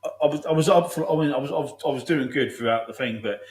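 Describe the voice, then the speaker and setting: A man's voice: medium pitch, very fast, darkish tone, roomy sound, low-quality recording. A man telling army stories in casual chat, swearing often and laughing as he goes. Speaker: podcast host.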